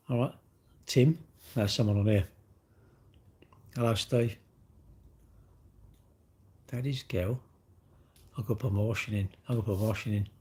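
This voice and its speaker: A man's voice: on the low side, warm tone, husky. An English man hosting a livestream, rambling and mocking in casual chat as he reads and answers comments. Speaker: livestream host.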